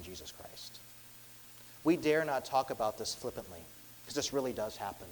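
A man's voice: mid-range voice, in a large hall, rough recording. A man preaching a sermon as pastor, acting out the quoted lines of demons with dramatic rises in his voice.

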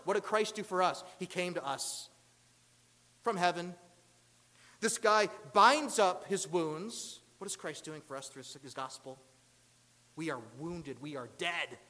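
A man preaches a sermon as a pastor, posing rhetorical questions and swinging between loud emphasis and hushed lines. His voice is high, with a long reverb tail.

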